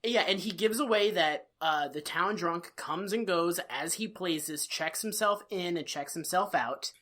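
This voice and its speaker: A man co-hosting a casual comedy podcast, ranting with exasperation, swearing freely and jumping sharply up in pitch. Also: unhurried, bright, forceful tone. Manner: exasperated, swearing rants with sudden jumps in pitch. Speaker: podcast co-host.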